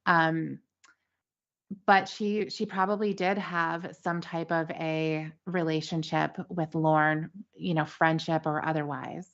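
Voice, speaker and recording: A woman's voice: sits low, flat delivery, takes it slowly, fairly bright tone. A woman co-hosting a casual podcast, thoughtfully speculating with many fillers. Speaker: podcast co-host. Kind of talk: casual chat. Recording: dull lo-fi sound.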